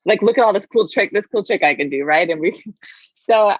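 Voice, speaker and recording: A woman's voice: mid-range voice, lively intonation, normal speed, no room sound, poor audio. A woman guest who teaches yoga, talking reflectively in an interview and often saying "like". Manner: reflective, thoughtful, says "like" a lot. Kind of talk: conversational interview.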